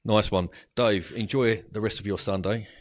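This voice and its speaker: Deep-voiced man chatting on a video call. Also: steady tone, normal speed. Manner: chatty, rambling, with frequent fillers and laughs. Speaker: podcast host. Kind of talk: casual interview wrap-up chat.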